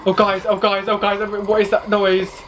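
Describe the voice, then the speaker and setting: A man's voice: high voice, completely flat delivery, moderate pace, fairly bright tone, slight background noise. A man hosting a horror game playthrough, jumpy and nervous, swearing often and breaking into shrieks and laughter. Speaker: gaming video host.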